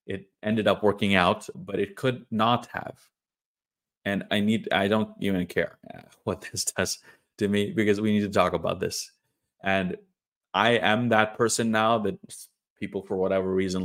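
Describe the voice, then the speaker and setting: A young man talking earnestly and candidly to camera, halting and restarting as he speaks. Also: lowish voice. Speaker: online creator sharing personal story. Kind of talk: candid personal monologue.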